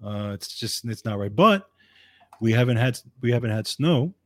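A man's voice: lowish voice, fairly even intonation, normal speed, darkish tone, no room sound. A middle-aged man co-hosting a casual chat over a video call, easygoing and chatty. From upstate New York. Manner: easygoing, chatty, laughs often. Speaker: co-host.

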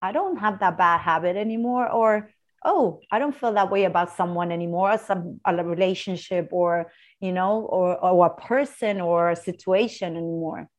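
A woman's voice: fairly low pitch, normal speed. A woman hosting a casual conversation who chats freely, laughs often and retells little stories with quoted dialogue. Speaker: host, coach with clients.

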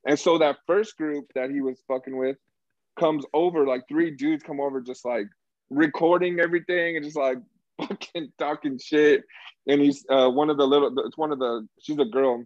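A young man telling a story in a casual chat, swearing a lot and loudly acting out the people he quotes. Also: mid-range voice, no echo. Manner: animated, profane, acts out quotes loudly. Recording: dull lo-fi sound.

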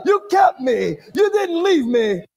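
High-pitched shouting preacher man. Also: very animated, slow pace, vocal fry, some chatter behind. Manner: shouting, sing-song cadence, speaking in tongues; calls for congregation responses. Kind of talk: charismatic shouted sermon.

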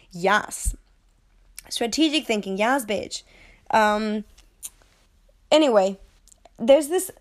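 A woman's voice: medium pitch, darkish tone. A young woman casually reviewing a film, chatty and digressive, with playful swearing, and sounding sick and short of breath. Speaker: movie reviewer.

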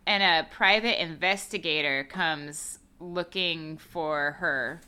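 A woman's voice: low-pitched, takes it slowly, crowd noise. A woman co-hosting a podcast, chatting casually and sarcastically about a movie, laughing often. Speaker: podcast co-host. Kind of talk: casual movie review chat.

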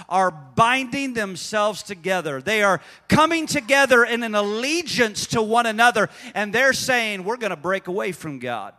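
Male preacher, high bright voice, hushed then shouting, long hall reverb. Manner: swings from hushed asides to shouted proclamations. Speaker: pastor. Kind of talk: sermon.

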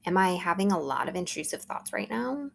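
A woman's voice: lowish voice, sing-song, a little fast, vocal fry, a bit bright. A woman in her thirties hosting a solo podcast, talking earnestly and conversationally as she coaches her listeners. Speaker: podcast host. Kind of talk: solo podcast talk, motivational.

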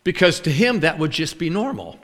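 A preacher with a fairly high-pitched voice tells a story at a moderate pace, animatedly voicing both parties of the dialogue within his sermon. The hall adds a long reverb.

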